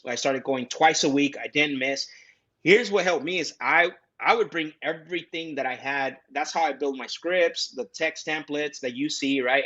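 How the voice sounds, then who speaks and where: A man's voice: fairly high pitch, bright, forceful tone. A young man chatting casually as an interview guest, talkative and full of restarts. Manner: talkative, says "bro" a lot, many restarts. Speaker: guest, real estate salesman. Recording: dull lo-fi audio.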